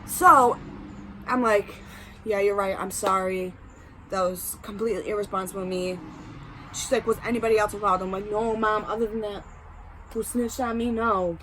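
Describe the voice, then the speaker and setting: A woman's voice: mid-range voice, normal speed, a little hiss or hum. A young woman vlogger telling a storytime, acting out the people in it and swearing casually. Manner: animated, acts out quotes, swears casually.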